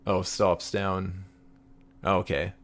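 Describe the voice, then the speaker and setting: A man's voice: low-pitched, very slow. A man hosting a livestream, talking casually about charts with frequent fillers and laughs. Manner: relaxed, laughs often, many fillers. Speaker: livestream host. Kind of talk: casual trading chat.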